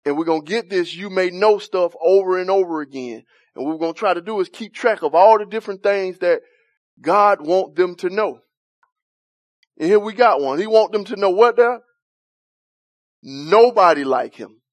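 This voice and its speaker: A man's voice: high voice, moderate pace, dry recording. A man leading an interactive Bible study, asking the group questions, chuckling often and talking in a loose, informal way.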